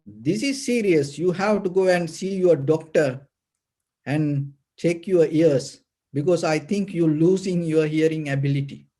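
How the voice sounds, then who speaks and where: A man's voice: a little high, unhurried. A man voicing an exasperated wife who scolds her husband in a short spoken joke within a talk. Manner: sharp, scolding.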